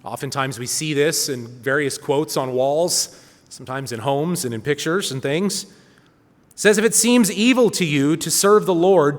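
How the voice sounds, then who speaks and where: A man's voice: a little high, long reverb tail. A man giving a sermon, reading scripture aloud with earnest, rising emphasis. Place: church hall.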